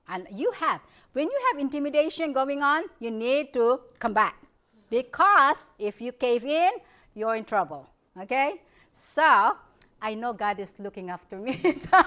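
A woman giving a public lecture, telling stories from her practice in an animated way, often breaking into laughter. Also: high voice, unhurried, highs cut off. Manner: animated storytelling, frequent laughter. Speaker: guest speaker. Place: lecture hall.

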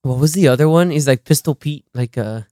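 A man co-hosting a podcast, excitedly recalling funny movie moments and laughing. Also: fairly high pitch, fairly quick, no room sound, studio quality. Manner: excitable, laughing, jumps in with quotes. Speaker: podcast co-host. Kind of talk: casual movie discussion.

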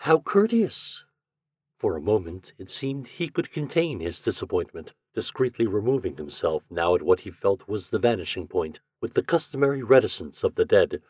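A man reading a story aloud as a guest, with a measured, expressive narration. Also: low-pitched, slightly rough, no room sound, clean studio sound. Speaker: guest reader.

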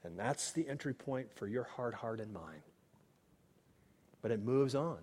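A man delivering a sermon as pastor, earnest and shifting between hushed, quiet passages and emphatic, raised ones. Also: medium pitch, animated, a little slow. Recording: long hall reverb.

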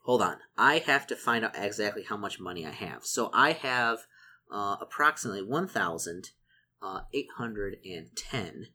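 A man plays through a solo tabletop adventure, reading rules and shop lists aloud. He gets excited easily and mutters through his sums. His pitch stays lively and animated. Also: moderate pace, a little hiss or hum. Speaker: solo tabletop game player. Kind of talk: casual narration of a solo gamebook.

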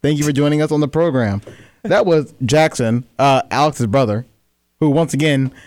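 A man hosting a radio talk show, playful and quick to laugh, sleep deprived. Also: fairly high pitch, darkish tone, no room sound, clean studio sound. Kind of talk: casual studio banter. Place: radio studio.

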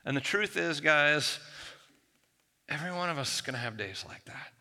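A man's voice: expressive, normal speed, pauses often, sharp tone. A man pastor preaching a sermon to a congregation, acting out the whiny complaints of biblical figures in a raised voice. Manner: acts out whiny biblical quotes in a raised pitch. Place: church hall. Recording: long hall reverb.

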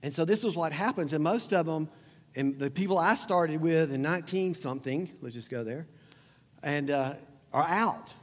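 A man's voice: fairly high pitch, moderate pace, big-room sound. A middle-aged man preaching a sermon as a pastor, chatty and joking, often asking the crowd questions. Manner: conversational preaching, asks the crowd questions, jokes.

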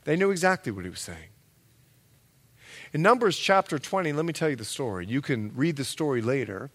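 A male pastor preaching a sermon, telling stories with lively acted-out quotes and emphatic, loud peaks. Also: fairly high pitch, brisk, husky. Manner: animated storytelling with acted-out quotes.

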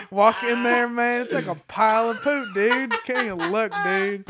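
A man's voice: extremely high pitch, big pitch swings, a little slow, heavy background noise, heavily acted. A man improvising a dazed young male reporter who drawls and keeps saying dude. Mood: stunned. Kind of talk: improv comedy.

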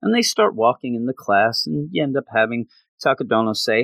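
Chatty male recapper, lively and bright, dry room. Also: medium pitch, brisk, gravelly, dry recording. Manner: animated, chatty, gushing. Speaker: manga reviewer. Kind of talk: casual story recap.

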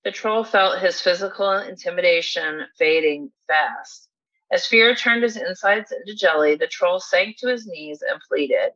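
A woman's voice: lowish voice, a little slow, fairly bright tone. A woman reading a satirical fable aloud in a dry, mock-formal storytelling manner. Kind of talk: scripted storybook narration. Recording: dull lo-fi recording.

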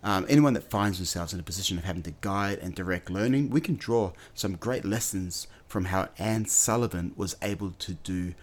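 A man's voice: low-pitched, normal speed, hardly any pauses. A man hosting an educational podcast, telling a story in an earnest way with the odd filler word. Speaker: podcast host.

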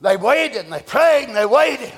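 A man preaching a fervent, shouted revival sermon, chanting repeated praises. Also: very high voice, expressive, moderate pace. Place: church. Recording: long church reverb with congregation.

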